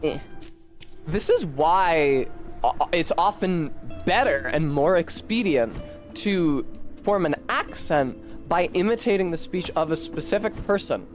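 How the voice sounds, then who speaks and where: A man with a somewhat high voice and a light Philadelphia tinge to his vowels chats away while streaming a game. He info-dumps freely and swears casually. Soft game music plays faintly underneath. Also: animated, a little slow.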